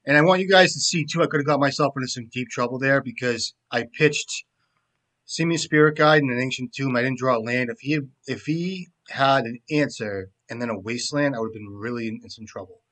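A man's voice: brisk, a bit bright. Man muttering profane card-game commentary. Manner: profane, joking, trailing off into low mumbles. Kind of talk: casual commentary while playing.

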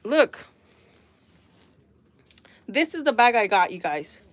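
Young woman, live-stream host, bit high-pitched, exasperated and chatty with viewers. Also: takes it slowly. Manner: exasperated, animated, talks to viewers. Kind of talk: casual live-stream chat.

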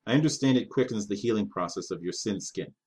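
A man's voice: fairly low pitch, expressive, fast talker, darkish tone, breathy edge. A man voicing a polite, formal male robot helper who speaks with earnest precision.

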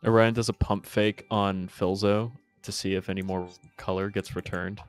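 A man with a low voice plays a tabletop game over a video call. He describes his character's actions casually and loosely, filling his speech with "like". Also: level tone, normal speed, faint music behind. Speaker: player.

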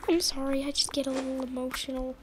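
A woman's voice: high voice, completely flat delivery, fairly quick, background noise, close to an everyday voice. A woman voicing a fussy, newly divorced mother in a toy role-play, chatty and sighing.

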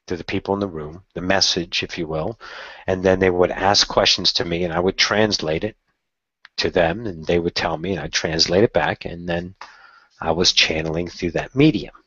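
A man casually telling a personal story in a candid, excitable way, swearing now and then. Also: deep voice, breathy edge, no echo, muffled recording. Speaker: channeler telling his story.

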